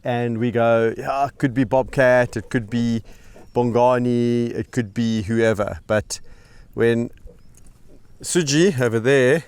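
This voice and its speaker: A middle-aged man who hosts a wildlife channel, giving casual on-the-spot commentary outdoors at a sanctuary. He is chatty and relaxed, talks to the animals and chuckles often. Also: mid-range voice, takes it slowly, clear, resonant tone.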